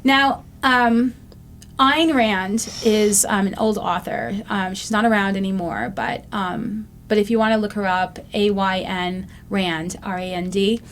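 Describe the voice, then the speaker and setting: Woman in her 50s talking recovery stuff, earnest and thoughtful, lots of ums, faint rumble behind. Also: steady tone, unhurried. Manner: reflective, earnest, with frequent ums. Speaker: recovery show host. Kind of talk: casual talk-show monologue.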